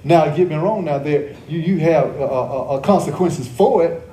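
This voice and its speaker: A man preaches a sermon in a slightly high, mellow voice. He repeats key phrases, quizzes the congregation and adds joking asides. His voice rings through a roomy church. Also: moderate pace. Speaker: pastor. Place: church service.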